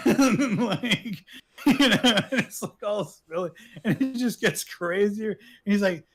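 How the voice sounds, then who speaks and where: A man's voice: high-pitched, takes it slowly, fairly bright tone. A man co-hosting a podcast, chatting casually about shows he likes, rambling with lots of filler words and frequent laughs. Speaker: podcast co-host. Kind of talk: casual chat recommending shows.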